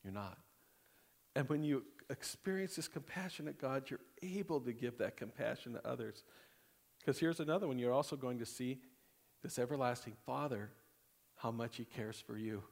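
A male pastor preaching a sermon, animated and conversational, jumping between loud exclamations and hushed, intimate passages, often laughing through his lines. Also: medium pitch, moderate pace, creaky. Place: church sanctuary. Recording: long hall reverb.

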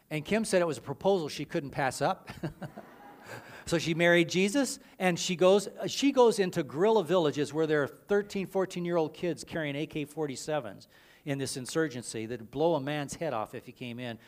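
High-voiced man preaching an animated sermon. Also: fairly quick. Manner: animated storytelling with emphatic repetitions and frequent restarts. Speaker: preacher and missions leader.

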